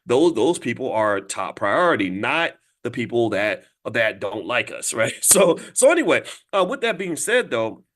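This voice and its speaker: A man giving a fast political commentary monologue, speaking straight to his listeners with emphatic stops and restarts, his voice jumping up sharply to make a point. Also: big pitch swings, fairly bright tone. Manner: emphatic, restarts words, pitch jumps high when making points; addresses listeners directly, asks them to respond. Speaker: commentator and host.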